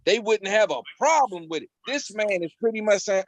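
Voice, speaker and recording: A man's voice: high voice, a little fast, no echo. Profane, joking man on a lo-fi video call. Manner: animated, joking, profane, repeats himself. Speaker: talk show co-host. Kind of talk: casual panel debate. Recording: dull lo-fi video call audio.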